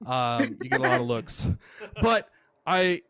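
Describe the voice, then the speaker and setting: A man's voice: medium pitch, big pitch swings, unhurried, bright, forceful tone. A man from Michigan doing a self-deprecating stand-up set over a video call from home, acting out the voices of people he quotes. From Michigan, USA. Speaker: stand-up comedian. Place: home room.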